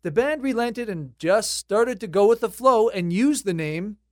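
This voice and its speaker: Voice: mid-range voice, animated, a little slow, a little mellow, no echo. A host narrating music history in a scripted, conversational way with light wry asides, recorded close and dry.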